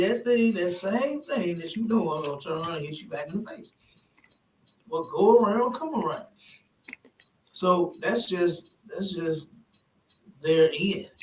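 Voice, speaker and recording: A man with a high voice talks loosely and circles back to his points, checking in with the listener again and again. He sounds off-mic in an echoey room, with a faint hiss behind him. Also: recorded from a distance. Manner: rambling, repeats "you know what I'm saying". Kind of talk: casual spoken discussion.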